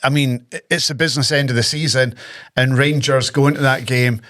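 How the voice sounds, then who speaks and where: A man's voice: mid-range voice, fairly even intonation, brisk, a bit bright. A man co-hosting a football podcast, teasing and laughing as he chats. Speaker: podcast co-host. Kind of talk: casual football chat.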